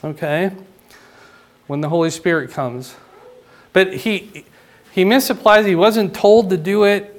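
Male pastor, fairly high voice, casual teaching sermon, keeps asking "right?", spikes up for emphasis. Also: a little slow, long pauses. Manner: conversational teaching, frequent "right?" and "okay?" check-ins; rises in pitch and volume for emphasis.

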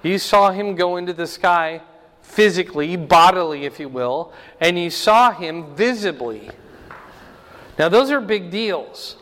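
A man teaching a Bible lesson verse by verse, explaining slowly and checking in with "right?" and "okay?". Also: high-pitched, animated, fairly bright tone, in a large hall.

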